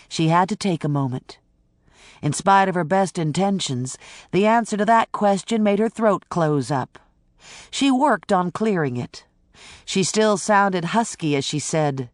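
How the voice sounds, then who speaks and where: A woman reading a mystery audiobook in even, unhurried scripted narration. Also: on the low side, no room sound, studio quality.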